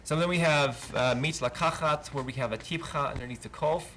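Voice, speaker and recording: A man's voice: on the high side, a little fast, a bit bright. A man teaching a verse-by-verse Hebrew lesson, explaining cantillation marks patiently and chanting each trope name aloud. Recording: livestream with faint noise.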